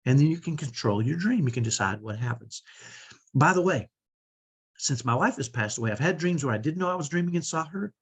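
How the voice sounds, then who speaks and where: A man's voice: fairly high pitch, expressive, brisk, slightly rough. A middle-aged man coaching parents in an online training talk, earnest and repetitive, often repeating a short phrase to himself.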